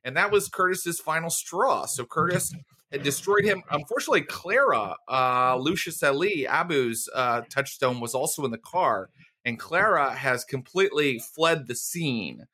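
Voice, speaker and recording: A man narrating a tabletop game as game master, talking in a halting, good-humored, conversational way. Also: a little high, animated, pushed and bright, husky.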